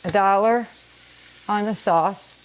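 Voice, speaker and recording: A middle-aged woman talks through her cooking in a relaxed, chatty way, her voice a little scratchy from allergies. She sits at an ordinary pitch for a woman and explains every step as she goes. A pan sizzles behind her over a faint background hiss. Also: takes it slowly. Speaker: home cook and channel host. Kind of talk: casual cooking vlog. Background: sizzling pan in a home kitchen.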